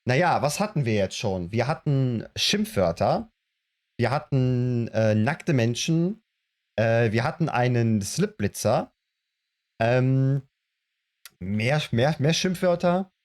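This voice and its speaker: A man live-streaming a video game, chatting casually and greeting viewers with animated reactions. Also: mid-range voice, slow. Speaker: let's play streamer. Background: game music.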